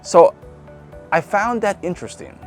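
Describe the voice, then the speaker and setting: A man's voice: high voice, unhurried, soft background music. A man with a Midwestern accent preaching a conversational sermon, asking the congregation questions as he goes. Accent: Midwestern American. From Nebraska. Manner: conversational, asks the congregation questions, laughs lightly. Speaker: pastor.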